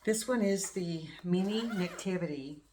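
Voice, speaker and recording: A middle-aged woman with a fairly low voice talks in a loose, chatty way. She rambles and gushes over small things, like a craft channel host showing off her work. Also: a little slow, dark tone, a little hiss or hum. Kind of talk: casual show-and-tell chat.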